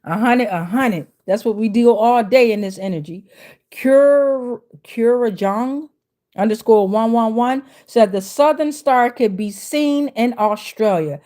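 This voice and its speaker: A woman with a voice pitched above the usual hosts a casual tarot livestream. She talks in loose, playful slang as she reads viewer comments aloud and greets each person by name. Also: measured pace, warm tone. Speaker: tarot reader hosting a livestream.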